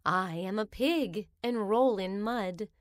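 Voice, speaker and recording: A woman reading children's rhymes aloud in a slow, sing-song storybook manner. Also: medium pitch, no echo, studio quality.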